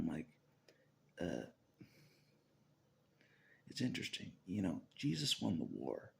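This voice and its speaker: A man's voice: low voice, vocal fry. A man vlogging in a rambling religious monologue, laughing often and dropping into whispers.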